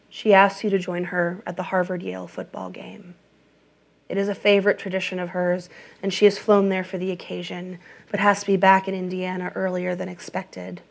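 A woman reading an audiobook in a measured, even narration. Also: on the low side, vocal fry.

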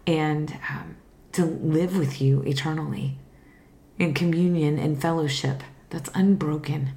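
A woman's voice: sits low, vocal fry, mellow, echoey room. A woman co-hosting a faith podcast, talking earnestly about faith and then leading a prayer. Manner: earnest, reflective, pauses and restarts. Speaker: podcast co-host. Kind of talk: casual Bible discussion and spoken prayer.

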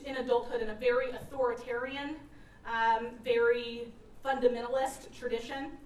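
Woman pastor, high voice, earnest sermon storyteller; roomy church sound, a little off-mic. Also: slight background noise. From Virginia, USA. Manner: earnest storytelling with frequent restarts. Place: church sanctuary. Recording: echoey church room, mic from a distance.

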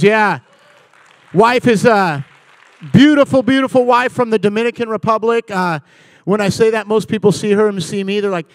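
A man in his forties giving a comedic talk to a live church audience, telling animated stories and bantering with the crowd. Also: high voice, dry recording. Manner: animated storytelling, acting out dialogue and bantering with the audience. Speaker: guest speaker at church. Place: church service.

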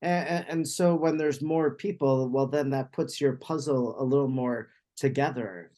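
A man's voice: mid-range voice, steady tone, unhurried, dark tone. A man hosting an interview, asking long, winding questions with restarts. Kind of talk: conversational podcast interview.

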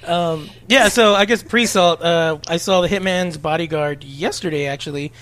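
A woman's voice: on the low side, moderate pace, fairly bright tone. A woman hosting a podcast, talking casually in a rambling way with many fillers. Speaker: podcast host. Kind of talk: casual chat.

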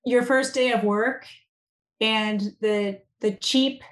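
A woman's voice: a little high, steady tone, slow, echoey room. A woman hosting a podcast interview, encouraging her guest with frequent backchannel responses. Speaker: podcast host. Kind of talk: casual interview.

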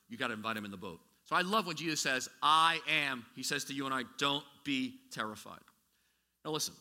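Animated male preacher in an echoey hall. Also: mid-range voice. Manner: animated, conversational preaching with many restarts and asides. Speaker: pastor. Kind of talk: sermon. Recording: echoey hall with long reverb.

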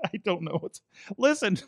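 A man hosts a loose wrestling chat, his voice swinging up and down as he reacts with excitement and frequent laughter. The recording is close and dry. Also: sits high, dry recording. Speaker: podcast host.

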